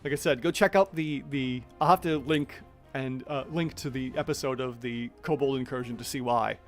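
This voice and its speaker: A man's voice: medium pitch, normal speed, faint music behind. A man narrating a tabletop monster battle as game master, chatty and thinking aloud as he checks the rules.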